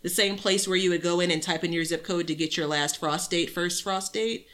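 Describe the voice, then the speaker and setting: A woman's voice: lowish voice, fairly even intonation, fairly quick, a bit bright. A woman co-hosting a podcast in a rambling, chatty way, full of filler words. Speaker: podcast co-host. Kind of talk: casual chat.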